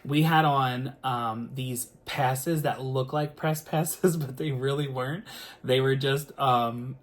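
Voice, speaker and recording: A man, a singer, telling a story to the camera in a casual, animated way, full of filler words and the odd swear word. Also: medium pitch, takes it slowly.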